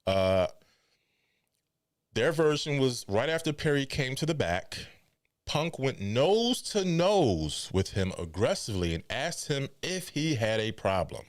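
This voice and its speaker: A man hosting a wrestling podcast, giving casual, animated news commentary with incredulous asides and mock quotes. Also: medium pitch, a little slow, no room sound, clean studio sound.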